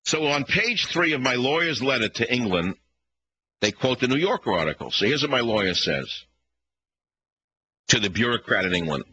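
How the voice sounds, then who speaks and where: A man's voice: medium pitch, very animated, moderate pace, long pauses, bright, forceful tone, breathy edge, low-quality recording. A man with a Bronx New York accent hosting a talk radio show, ranting combatively and firing off rhetorical questions.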